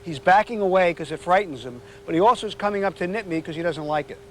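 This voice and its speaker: High-voiced man dog trainer, explains steps conversationally, outdoor street noise behind. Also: quick pace. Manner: chatty, explanatory, goes high and sing-song coaxing the dog. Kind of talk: on-location dog training demo.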